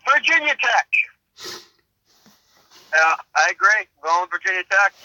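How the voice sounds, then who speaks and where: A man hosting a casual sports podcast, briskly steering through segments and picks. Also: sits high, sing-song, sharp tone, no echo, dull audio. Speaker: podcast host.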